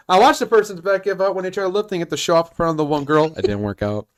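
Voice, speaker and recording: A man's voice: sits high, fast talker. A man on a casual podcast, telling a work story with lots of laughter and swearing. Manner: animated, laughs often, profane. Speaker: podcast host.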